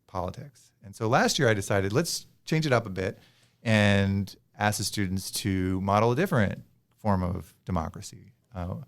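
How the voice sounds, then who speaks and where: Lowish-voiced male professor, hesitant. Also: gravelly. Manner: hesitant, with many fillers and restarts. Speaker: professor, guest. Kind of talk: conversational interview.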